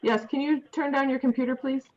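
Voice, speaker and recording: A woman chairing a meeting, calling speakers in a brisk, procedural way. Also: sits high, steady tone, crowd noise. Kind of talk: running a public meeting. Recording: dull lo-fi audio.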